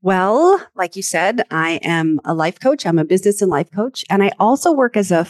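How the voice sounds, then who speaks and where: A woman's voice: mid-range voice, animated, moderate pace, dry recording. A Canadian woman, probably in her forties, guesting as a business and life coach on a podcast, chatting and telling stories in an upbeat way. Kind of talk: casual podcast interview.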